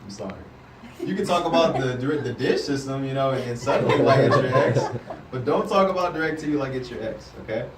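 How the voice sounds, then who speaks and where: A man training a sales team in a live talk to a group, energetic and coaching, often checking in with the listeners. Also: mid-range voice, fairly quick, over a noisy crowd. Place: indoor room with a group. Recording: roomy sound from a distance, faint background.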